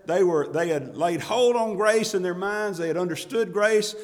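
A man's voice: sits high, moderate pace. Preaching man in a reverberant hall. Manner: emphatic preaching, repeats key words. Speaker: pastor. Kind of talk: sermon.

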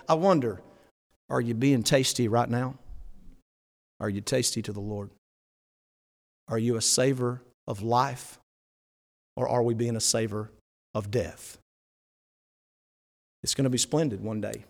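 A man preaching a sermon as a church elder, animated and laughing often, rising to loud emphatic peaks. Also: mid-range voice, a little slow, long pauses. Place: church sanctuary. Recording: long reverb of a church hall.

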